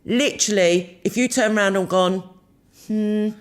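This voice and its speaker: A woman's voice: on the low side, very animated, normal speed. A woman in her fifties with a South London accent, co-hosting a casual podcast chat, teasing and laughing often. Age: 50s. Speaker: podcast co-host.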